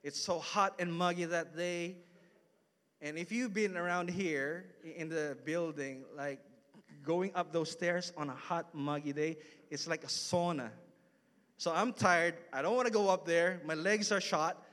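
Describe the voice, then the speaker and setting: A man's voice: a little high, measured pace, fairly bright tone. A man in his thirties preaching a casual storytelling sermon in a church hall, chatty and full of asides to the congregation. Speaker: pastor.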